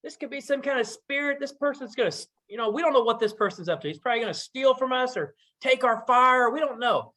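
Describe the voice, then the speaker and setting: A man's voice: extremely high pitch, quick pace, few pauses, sharp tone, voice pushed up, heavily acted. A man voicing a stingy old father who angrily scolds his family. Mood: furious. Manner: angry, suspicious scolding. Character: furious stingy old father guarding fire.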